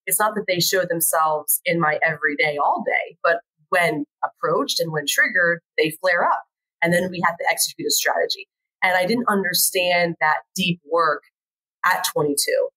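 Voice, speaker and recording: A woman's voice: fairly low pitch, breathy edge, low-quality recording. A woman educator as a podcast guest, chatting casually and telling stories animatedly. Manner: animated storytelling, acts out quoted voices. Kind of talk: casual conversation.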